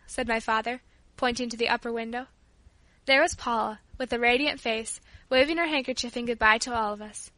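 A woman narrating a storybook chapter in a measured, clear audiobook reading. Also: on the high side, fairly even intonation, bright, forceful tone, no room sound.

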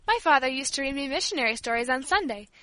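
A woman voicing an earnest, devout little girl who speaks sincerely and pleads gently. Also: high voice, animated, fast talker, no echo, low-quality recording.

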